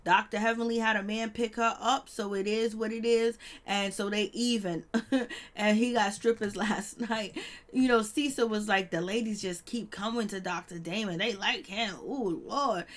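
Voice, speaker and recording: A woman with talks through a reality TV episode in a loose, chatty way. She laughs a lot and slips into lively voices when quoting people. Her voice sits in a middle pitch. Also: normal speed. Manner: chatty, laughing, acts out quotes in animated voices. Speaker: reality TV recap host. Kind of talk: casual recap commentary.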